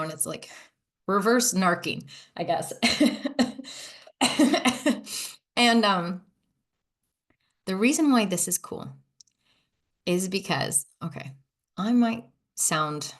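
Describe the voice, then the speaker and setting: Animated woman podcast host. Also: slow pace, long pauses. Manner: animated, swings from soft hushed whispers to excited high exclamations. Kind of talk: casual solo podcast talk.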